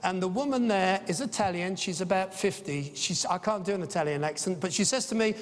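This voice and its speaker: At a business conference, a middle-aged man with a high voice talks enthusiastically, weaving anecdotes between his points and frequently pausing on "uh." The long reverb of a big conference hall surrounds his voice.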